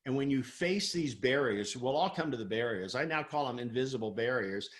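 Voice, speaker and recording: A middle-aged man, a performance coach, telling a story in a podcast interview, animated and acting out quoted voices. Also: mid-range voice, brisk. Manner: animated, acts out quoted voices, laughs often.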